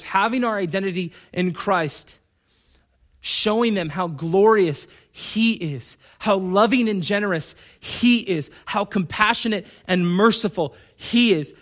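A man's voice: high voice, fairly bright tone. A male pastor preaching a sermon to his church, emphatic and repetitive, addressing the congregation directly.

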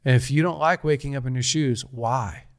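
A man's voice: mid-range voice, moderate pace, no echo, clean studio sound. A man in his thirties telling a personal story in casual conversation, earnest and rambling, with frequent restarts.

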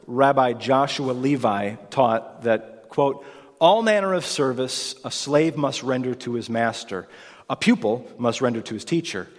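A man delivers a sermon in a church sanctuary, reading scripture and then explaining it verse by verse. His mid-range voice is emphatic and rises when he quotes. A long hall reverb trails behind every phrase. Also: mid-range voice. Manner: emphatic, rising for quoted lines, occasional fillers. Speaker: preacher.

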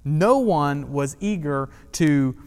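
A man's voice: on the high side, lively intonation, slow, a little mellow, clear, resonant tone, big-room sound. A man preaching a sermon in a conversational way, with humor and questions to the congregation. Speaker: pastor.

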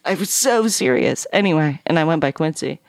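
A woman guest telling a personal story on a podcast, animated and profane, acting out the people in it. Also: low voice, brisk, dry recording, studio quality. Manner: animated, swears a lot, acts out dialogue. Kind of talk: casual storytelling.

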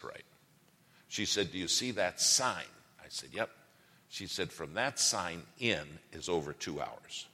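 A man's voice: sits low, bright, forceful tone, big-room sound. A middle-aged man preaching a sermon in an auditorium, telling a folksy, humorous story and asking the audience questions.

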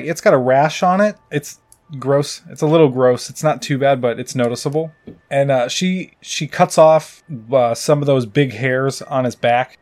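A man's voice: on the high side, darkish tone. A man casually recapping a movie in a rambling, profane way, with lots of filler words.

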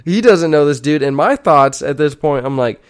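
A man's voice: a little high, lively intonation, normal speed, clean tone, dry recording, studio quality. A young man telling a story in a casual, rambling way, swearing often and restarting his sentences.

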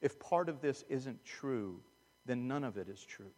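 A man preaching a sermon as a pastor, earnest and emphatic, dropping to hushed asides. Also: medium pitch, lively intonation, a little slow. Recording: long reverb of a large hall.

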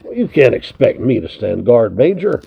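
A man's voice: mid-range voice, sing-song, moderate pace, creaky, husky, full character voice. A man reading the part of a surly, boastful mountain-man fighter in a storybook, with a sneering, defiant manner. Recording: tinny narrow lo-fi recording.

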